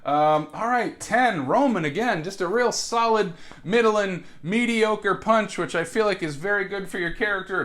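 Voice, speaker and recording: A man's voice: high-pitched, normal speed, few pauses, a bit bright. A man acting as game master in a comedic solo tabletop role-play, hesitant and full of fillers and restarts.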